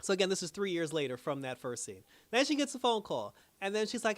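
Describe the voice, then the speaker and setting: Animated man laughing through a review. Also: sits high, quick pace, hardly any pauses. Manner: animated, laughs often, restarts sentences. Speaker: YouTube reviewer. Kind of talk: casual recap and review.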